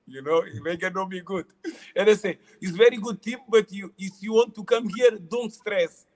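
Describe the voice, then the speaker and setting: Middle-aged ex-footballer, high voice, non-native English, halting and repetitive, casual storyteller. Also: male voice, darkish tone. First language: not English. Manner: halting non-native English, repeats words, frequent laughs. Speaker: former footballer, interview guest.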